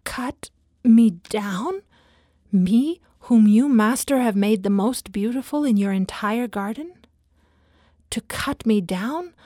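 A woman voicing a proud but gentle male bamboo plant who pleads in anguish, her voice lifting higher and louder as he begs. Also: steady tone, measured pace, few pauses, no room sound, studio quality, lightly acted. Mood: pleading. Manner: anguished, imploring, rising in pitch.

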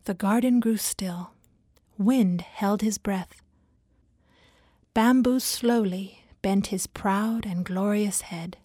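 A woman narrating a fable in a soft, lyrical, often half-whispered reading. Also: medium pitch, slow pace, no room sound, studio quality. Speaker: storyteller. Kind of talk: scripted narration.

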